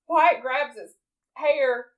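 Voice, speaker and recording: A woman's voice: high-pitched, extremely slow, low-quality recording. A woman co-hosting a podcast, casually recapping a movie with frequent laughs. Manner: laughing, chatty retelling of scenes. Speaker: podcast co-host.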